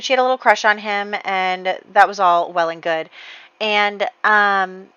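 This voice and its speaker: A woman's voice: mid-range voice, fairly bright tone, no room sound, lo-fi sound. A woman casually retelling the drama of her life-simulation game, chatty and full of fillers, laughing at her own story. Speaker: gameplay narrator. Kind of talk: casual storytelling over gameplay.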